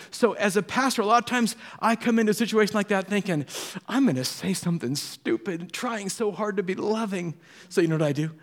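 A man preaching a sermon as a pastor, telling stories with acted-out quotes, moving between hushed and animated delivery. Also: on the high side.

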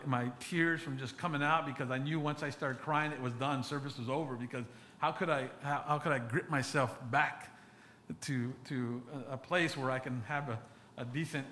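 A man preaching a sermon as a pastor, speaking earnestly and haltingly, often restarting and repeating words. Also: medium pitch, pushed and bright, a little hiss or hum.

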